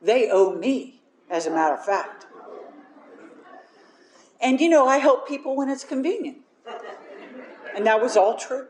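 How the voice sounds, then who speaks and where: A woman shares her personal recovery story with candor, often laughing and poking fun at herself. Her voice is on the high side and expressive, a little slow with long pauses, and the room is echoey with a slight hiss or hum.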